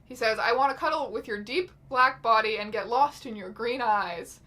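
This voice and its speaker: A woman hosting her own channel, reading out chat messages in a casual, wry, deadpan way with some swearing. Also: a little high, moderate pace. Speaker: YouTube host.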